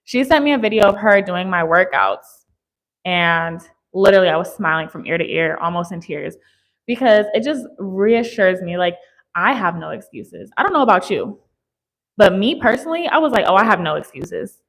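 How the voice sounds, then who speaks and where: Woman fitness creator, candid motivational chat, mid-pitched. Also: lively intonation, normal speed, fairly bright tone, rough recording. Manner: candid, talks straight to viewers. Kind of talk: casual motivational chat to viewers.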